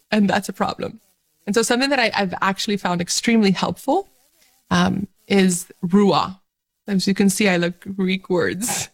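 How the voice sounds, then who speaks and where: A woman talking about her faith to camera, with a cheerful, animated delivery. Her voice sits at a middle pitch, but it jumps up brightly when she gets excited. She laughs often as she speaks. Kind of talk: faith-sharing video talk.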